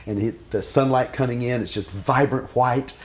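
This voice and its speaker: A man telling a personal story, shifting between animated, laughing recollection and a soft, hushed, reflective tone. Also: medium pitch, normal speed. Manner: animated, laughing, acts out voices when excited. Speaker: devotee recounting a story.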